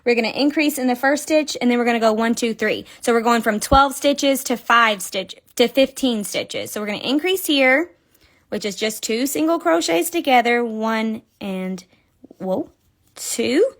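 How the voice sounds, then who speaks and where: A woman's voice: fairly high pitch, animated, normal speed. A young woman hosting a casual live crochet tutorial, chatty, counting stitches aloud and laughing often. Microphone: phone.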